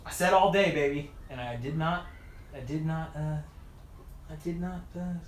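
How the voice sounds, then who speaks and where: Tired male streamer, mutters while wrenching, slightly high voice, echoey room with light hiss. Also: moderate pace. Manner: chatty, mutters to himself while working. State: tired after hours of work. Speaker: mountain bike video creator. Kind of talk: casual livestream chat while wrenching. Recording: echoey room with faint noise.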